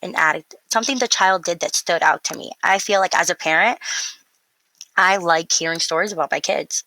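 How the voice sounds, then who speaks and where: A woman's voice: lowish voice, a little fast, poor audio. A young woman, an early childhood educator, telling stories casually in an interview and acting out the voices of people she quotes. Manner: animated storyteller, acts out quotes.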